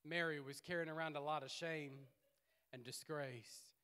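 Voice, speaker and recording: High, bright-voiced animated preacher man. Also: moderate pace, smooth. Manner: animated, playful, swings between loud and hushed. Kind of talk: sermon.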